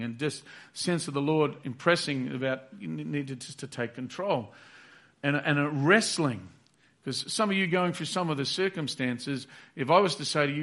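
Guy preaching, earnest, keeps repeating himself, acts out prayers, mid-pitched voice. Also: moderate pace, fairly bright tone. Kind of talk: sermon.

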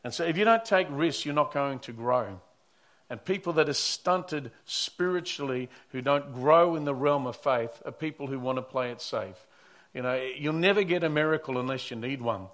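A man's voice: medium pitch, moderate pace, a bit bright. A man who is a pastor preaching a sermon, telling stories earnestly and often repeating or restarting his words.

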